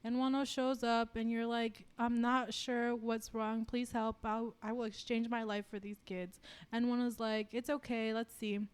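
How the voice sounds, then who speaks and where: A woman co-hosting a podcast, reading fan fiction aloud and chatting in an animated, giggly way. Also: a little high, moderate pace, clear, resonant tone. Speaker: podcast co-host.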